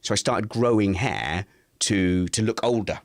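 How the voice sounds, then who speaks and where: A man's voice: a little slow, no echo, studio quality. A man, chatting casually at home and telling family stories while acting out the voices of others. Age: 40s. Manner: animated storyteller, acts out family members in high voices. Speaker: podcast co-host. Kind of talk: casual chat.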